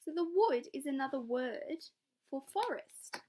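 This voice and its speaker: High, lively young woman teacher. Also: measured pace. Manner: questioning, encouraging classroom talk. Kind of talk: read-aloud lesson for children.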